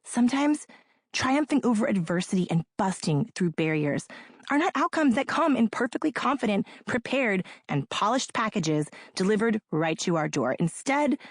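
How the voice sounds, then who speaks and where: A woman narrating her own audiobook in an energetic, playful pep-talk manner. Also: medium pitch, normal speed, no room sound, studio quality.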